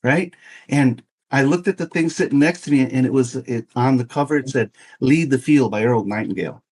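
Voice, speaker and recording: His mid-range voice is slightly rough and moves at normal speed as this man in his fifties tells a podcast audience a long personal story. He's animated, slipping into the voices of the people he quotes, all in an easygoing storytelling mode.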